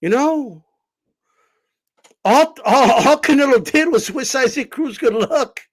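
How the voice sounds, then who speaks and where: A high-voiced man ranting about boxing, swearing freely and sounding incredulous. He talks in an unhurried way, then bursts into shouts. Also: expressive, slightly rough. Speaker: boxing commentator, channel host. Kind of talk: casual ranting commentary.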